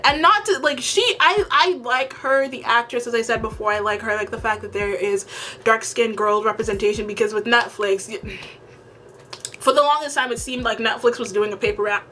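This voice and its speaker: Vlogger, woman from the Caribbean, frank and chatty, voice a little high, faint room hiss. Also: bright, forceful tone. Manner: frank, opinionated and conversational. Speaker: TV review vlogger. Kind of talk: casual opinion vlog.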